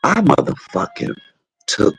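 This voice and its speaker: A man's voice: a little slow, lightly acted. A man retelling the words of a tough woman who cussed him out, quoting her in an aggressive, swearing way. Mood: scolding.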